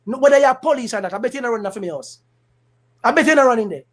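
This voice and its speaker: Animated Jamaican man commentating. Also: extremely high pitch, racing. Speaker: political commentator host. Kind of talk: casual livestream commentary.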